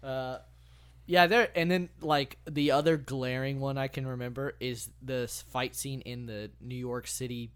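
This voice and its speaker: A man's voice: mid-range voice, unhurried, smooth. A man co-hosting a podcast, chatting casually about a movie, swearing often and mocking its lines in put-on voices. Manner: profane, animated, mocks lines in put-on voices. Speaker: podcast co-host. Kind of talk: casual movie review chat.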